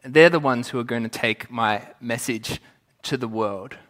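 A preacher voicing an imagined Jesus who answers calmly and plainly, speaking into a microphone in a church. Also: male voice, mid-range voice, unhurried, pitched below the performer's own voice, natural voice. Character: calm, patient risen Jesus.

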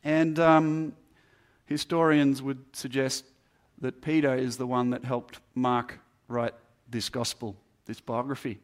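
A man preaching a sermon, earnest and building emphasis through repeated phrases. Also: mid-range voice. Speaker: pastor.

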